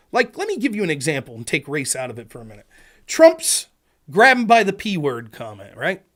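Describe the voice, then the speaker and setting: Animated, high-pitched male livestream host. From Pennsylvania. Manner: animated, argumentative, acts out quoted exchanges. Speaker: political talk show host. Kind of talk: livestream monologue.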